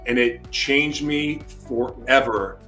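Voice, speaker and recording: A man's voice: medium pitch, takes it slowly, faint music behind. Man telling an emotional testimony. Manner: animated storyteller, acts out his own shouting. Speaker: interview guest.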